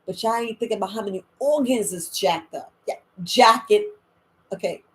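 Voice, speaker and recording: An older woman hosting a casual wellness chat, animated and dramatic, laughing often, with loose speech. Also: mid-range voice, normal speed. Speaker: wellness podcast host.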